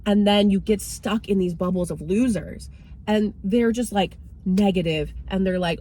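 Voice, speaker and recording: A woman's voice: medium pitch, normal speed, warm tone, slight background noise. A young woman talking casually and frankly to her viewers as a vlogger, with lots of "like" and "right?". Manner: chatty, frank, repeats "like" and "right?". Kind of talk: casual motivational talk to camera.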